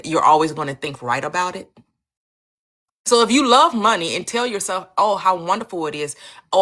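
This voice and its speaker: A woman's voice: on the low side, fairly bright tone. A woman host teaching manifestation in an emphatic, preachy way, firing off repeated rhetorical questions on a live stream.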